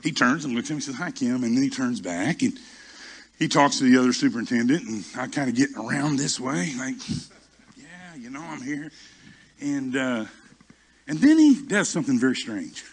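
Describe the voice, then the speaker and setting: Husky male preacher telling stories. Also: medium pitch, sing-song. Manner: storytelling, self-mocking, halting restarts. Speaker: pastor. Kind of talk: sermon with personal stories.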